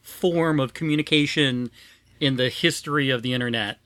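A man's voice: medium pitch, moderate pace, fairly bright tone, clean tone, no echo. A man hosting a podcast in casual chat, chatty and self-deprecating, with plenty of fillers. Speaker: podcast host.

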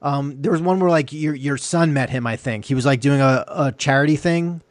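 A man hosting a casual interview who talks in a halting, hesitant way with many restarts. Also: medium pitch, dry recording, clean studio sound. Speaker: host.

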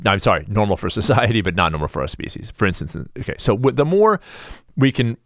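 A middle-aged American man hosting a podcast, talking in a blunt, sarcastic, animated monologue. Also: on the low side, fast, no echo, studio quality. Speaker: podcast host. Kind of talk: casual opinionated monologue.

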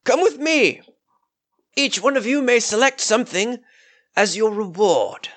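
A man's voice: high voice, lively intonation, measured pace, a bit bright, voice pushed up. A man voicing a polite, fretful aging nobleman who speaks formally. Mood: genial. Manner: formal, courteous and fussy.

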